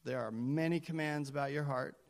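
A male pastor delivers a sermon in a relaxed, conversational way, using a voice that sits a little high for a man. He jokes at his own expense and drives points home by repeating them. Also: fairly quick, gravelly. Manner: conversational, self-deprecating, emphatic repetition.

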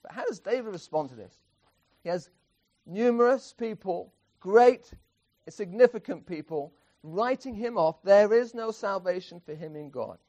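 A man's voice: high voice, animated, moderate pace, a little mellow. A man preaching an expository sermon, emphatic, often restarting phrases and chuckling.

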